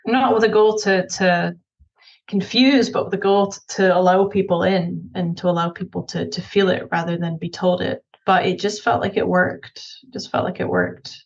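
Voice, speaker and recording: A Scottish woman, a film director, answering interview questions thoughtfully with many pauses and restarts. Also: lowish voice, steady tone, dull audio.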